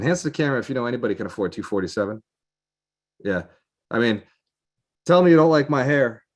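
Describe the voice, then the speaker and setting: A man hosting a live event, giving an energetic, emphatic motivational pitch that repeats lines for effect. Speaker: real estate mentor and event host.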